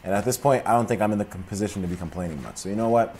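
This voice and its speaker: A young man giving casual, profane let's play commentary, drifting between mumbled asides and loud outbursts. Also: on the low side, rapid-fire, a little hiss or hum. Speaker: gaming commentator.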